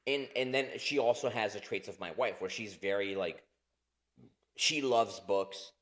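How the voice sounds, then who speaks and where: A man's voice: fairly low pitch, unhurried, fairly bright tone. A man in his thirties co-hosting a podcast in casual chat, rambling, swearing a lot and laughing often. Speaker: podcast co-host.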